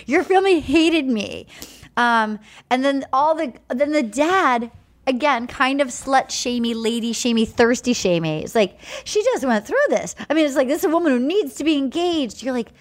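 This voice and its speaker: Animated, profane podcast host woman. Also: sits high, normal speed. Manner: animated, profane, acts out quotes. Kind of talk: casual chat recapping a show.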